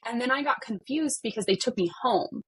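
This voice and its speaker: A woman's voice: on the high side, lively intonation, a little fast, a bit bright, slightly rough. A woman in her thirties, a podcast guest, retelling a personal story with many "like" fillers and acted-out dialogue.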